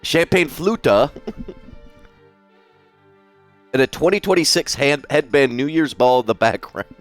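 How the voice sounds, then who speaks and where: A man's voice: medium pitch, expressive, unhurried, no room sound, soft background music. A man live-streaming while he draws, chatting casually, swearing freely and reading out viewers' messages. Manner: chatty, swears freely, reads chat aloud.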